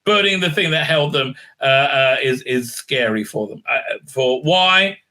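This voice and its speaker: A man's voice: medium pitch, expressive, unhurried, pushed and bright. A man giving a casual, sarcastic recap and review in a rambling way, with many filler sounds. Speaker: video reviewer.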